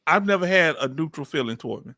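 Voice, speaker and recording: A man with a Southern accent hosts a live question-and-answer chat, pressing his guest with blunt, searching questions. His voice is sharp and bright, and it sounds close and dry. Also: a little high, animated, fast, no room sound. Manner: direct, probing, casual slang. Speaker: channel host.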